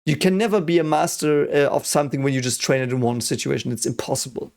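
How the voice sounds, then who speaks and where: A man hosting an anime reaction, talking excitedly with swearing and many restarts. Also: on the high side, quick pace. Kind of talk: casual reaction commentary.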